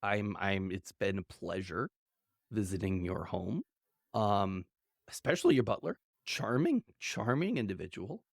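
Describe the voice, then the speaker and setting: A man voicing a polite gentleman guest who probes with formal, courteous phrasing. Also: fairly low pitch, expressive, a little slow, vocal fry, no room sound, studio quality, exaggerated voice.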